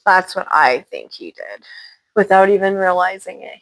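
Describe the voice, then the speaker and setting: A woman's voice: on the low side, big pitch swings, normal speed, no room sound. A woman from Washington State, hosting her channel and casually telling paranormal stories with loose, chatty asides. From Washington State, USA. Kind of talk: casual storytelling.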